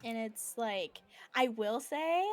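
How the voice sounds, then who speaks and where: A woman's voice: a little high, animated, slow. A woman writer chatting on a live stream, bubbly, laughing often and full of fillers. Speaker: fan fiction writer, guest. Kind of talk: casual live-stream chat.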